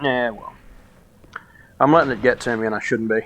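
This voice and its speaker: A man streaming a game from home who grumbles, swears and mutters his way through each attempt. His voice sits at a middle pitch and comes through a desk microphone with a faint background hiss. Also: animated, normal speed, pauses often, fairly bright tone. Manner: exasperated, swearing, muttering to himself. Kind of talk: live gameplay commentary.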